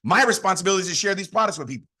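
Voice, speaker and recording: Fired-up man with a high, bright voice. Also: expressive, very fast, slightly rough. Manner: fired-up, repetitive, call-and-response. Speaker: network marketing leader. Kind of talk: motivational training talk.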